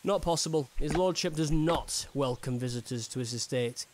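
An actor playing a gruff woodcutter foreman in a narrative game, with a Northern English accent and a blunt, curt manner. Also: medium pitch, normal speed, lightly acted. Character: gruff working-class woodcutter foreman, middle-aged.

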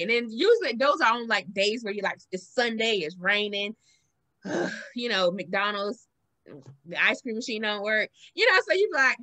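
A woman with a Southern accent hosts a casual podcast chat, telling stories with lively acted-out quotes. Her voice sits high and sounds bright and forward. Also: normal speed. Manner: animated storytelling, acts out quotes with big pitch jumps. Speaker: podcast host.

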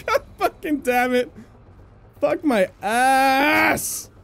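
A young woman giving loud, excitable gameplay commentary, swearing and laughing often. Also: sits high, drawn-out words, vocal fry, long pauses, background noise. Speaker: gameplay streamer.

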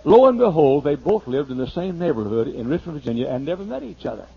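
Husky folksy preacher telling a story. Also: male voice, fairly high pitch, very animated. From United States. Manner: folksy and humorous, lists things slowly. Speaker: pastor. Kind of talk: storytelling sermon. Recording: muffled older sermon tape.

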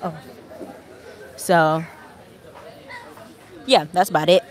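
A woman with a slightly low voice chats loosely through a handheld phone while she livestreams from a busy outdoor restaurant patio. She rambles, laughs easily and sounds a bit out of breath, with people milling around behind her. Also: fairly even intonation, very slow. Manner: chatty, rambling, laughs often. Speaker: vlogger. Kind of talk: casual live-stream chat. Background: crowd of people.

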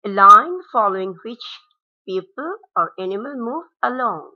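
A woman's voice: medium pitch, animated. Woman teaching vocabulary. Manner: reads words and meanings in a measured classroom cadence, switching into Bengali glosses. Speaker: school English teacher. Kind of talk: slide-based vocabulary lesson. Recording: dull lo-fi recording.

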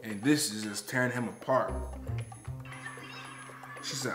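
A man's voice: fairly low pitch, a little slow, pauses often, roomy sound, over music. A young man hosting a casual reaction video, talking in loose slang and laughing along. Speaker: reaction channel host. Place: indoors, sit-down video.

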